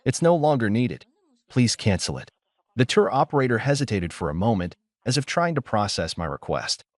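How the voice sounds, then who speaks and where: A man narrating a first-person story in a steady, measured way. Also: mid-range voice, dry recording, studio quality.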